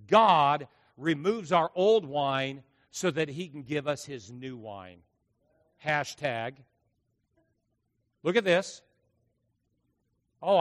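Emphatic preacher with hall reverb. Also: male voice, on the high side. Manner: emphatic preaching with dramatic acted quotes and big volume swings. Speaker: pastor. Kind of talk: sermon. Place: church sanctuary.

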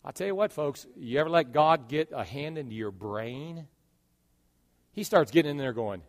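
A man's voice: on the high side, expressive, moderate pace. Preaching man in an echoing church. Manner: dynamic preaching that swings from hushed to loud. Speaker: pastor. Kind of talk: sermon. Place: church sanctuary. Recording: long reverb of a large church hall.

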